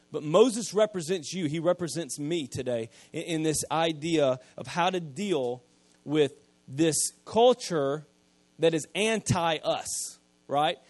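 A man, preaching a sermon, retelling scripture in casual everyday speech and swinging from quiet asides to loud emphasis. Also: on the high side, dry recording. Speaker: pastor.

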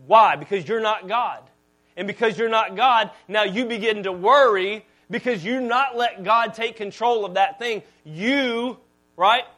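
A pastor with a notably high voice delivers a sermon in a relaxed, conversational way. He tells stories and swings from loud, punchy lines down to quiet asides. He sounds like a man in his thirties. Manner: conversational, storytelling preacher with swings in volume.

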